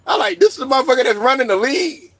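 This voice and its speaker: Guy ranting about basketball, AAVE, high voice that swings all over, laughing and cussing. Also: rapid-fire, gravelly, dry recording. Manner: animated, laughs a lot, swears constantly, rants. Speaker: sports show host. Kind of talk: profane sports commentary monologue.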